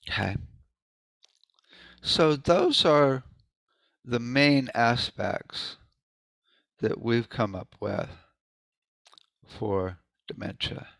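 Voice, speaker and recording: Speaking extremely slowly with long pauses, this presenter at a sound healing meeting has a mid-range, creaky, slightly bright voice in a dry recording. His informal talk drifts through plenty of asides as he voices hums and rhythm syllables to demonstrate.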